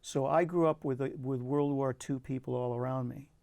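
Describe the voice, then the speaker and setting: A man's voice: mid-range voice, steady tone, normal speed, gravelly, warm tone, no echo. An older man, a poet, telling personal stories in an earnest, reflective way with frequent restarts, interviewed in a community TV studio. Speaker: poet guest.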